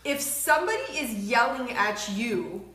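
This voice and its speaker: A woman's voice: on the high side, very animated, a little slow, bright, forceful tone, echoey room. A woman co-hosting a casual parenting talk, earnest and emphatic. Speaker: co-host.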